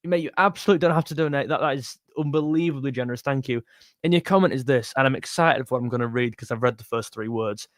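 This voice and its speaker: A man's voice: mid-range voice, fast talker, no echo. Young guy on a livestream, chatty and jokey, dry close sound. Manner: chatty and jokey, calls viewers mate. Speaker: music channel host reading live chat. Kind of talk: casual livestream chat.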